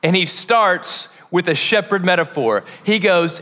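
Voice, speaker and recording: A man preaching a sermon as a pastor, animated and casual, using slang and acting out the stories he tells. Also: high-pitched, unhurried, hardly any pauses.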